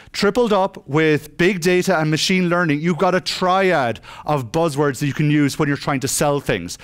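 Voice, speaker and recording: A man giving a comic conference talk on stage, joking and acting out dialogue. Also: fairly high pitch. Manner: joking, self-mocking, acts out dialogue. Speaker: conference speaker.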